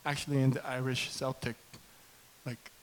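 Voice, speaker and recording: A middle-aged man preaching a casual sermon in a church, chatty and self-deprecating, bursting into loud impassioned preaching when he gets going. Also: mid-range voice, level tone, normal speed, slight background noise, poor audio. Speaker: pastor. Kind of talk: conversational sermon.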